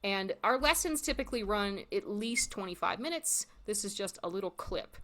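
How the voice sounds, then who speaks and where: A woman teaching a recorded Spanish lesson, encouraging learners and repeating phrases slowly. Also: medium pitch, expressive, a bit bright.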